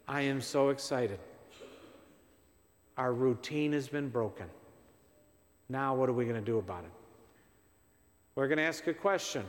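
A priest giving a conversational homily in a church; he asks the congregation questions, repeats himself for emphasis and sounds tired. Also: mid-range voice. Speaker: visiting priest. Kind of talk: parish mission homily. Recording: long church reverb.

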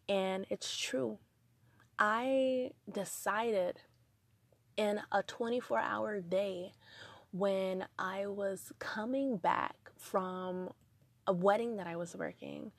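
Young woman, motivational talk, earnest and emphatic, slow deliberate delivery, dry close sound. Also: medium pitch, dry recording. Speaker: motivational speaker.

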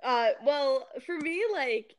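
A woman's voice: high-pitched, takes it slowly, dry recording. A young woman co-hosting a podcast, chatting in a laid-back, amused way and laughing easily. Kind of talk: casual chat.

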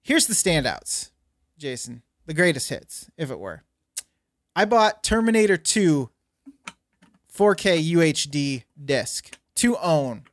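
Rambling, higher-pitched male podcast host. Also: very animated, slow pace, dry recording, studio quality. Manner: rambling, self-mocking, lots of fillers. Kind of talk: casual chat.

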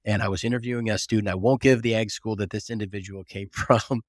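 A man guest on a casual podcast interview, an animated storyteller who restarts often and leans on "you know". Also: on the low side, quick pace, dry recording, clean studio sound. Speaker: guest, agribusiness recruiting consultant.

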